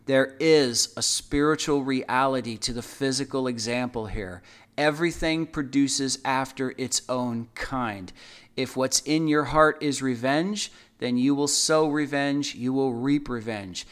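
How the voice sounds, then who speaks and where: Unhurried and mid-range, this man's voice is clear and resonant as he co-hosts a Bible discussion. His earnest, conversational teaching features frequent repeated phrases and acted-out everyday quotes.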